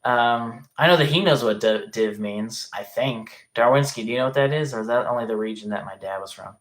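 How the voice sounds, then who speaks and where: A man's voice: mid-range voice, brisk. A man chatting casually on a livestream, reading comments aloud in a rambling, hesitant way and swearing often.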